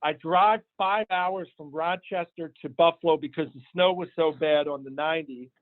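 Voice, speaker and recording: Male sales manager, emphatic motivational storyteller, slightly high pitch, dry and tinny audio. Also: moderate pace, no room sound. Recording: tinny phone-line sound, dry.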